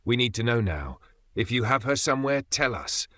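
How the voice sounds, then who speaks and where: A man's voice: medium pitch, very animated, normal speed, bright, forceful tone, dry recording, studio quality, voice pushed up. A man voicing a stern, urgent female police detective who speaks firmly and a little breathlessly. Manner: firm, commanding, slightly breathless.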